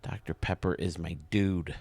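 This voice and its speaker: A young man with a lowish voice talks through game footage with casual enthusiasm. He sounds close to the mic in a dry, dead room. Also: fairly even intonation, darkish tone, husky, no room sound. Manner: enthusiastic and casual, quick praise. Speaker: host. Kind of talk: video game commentary.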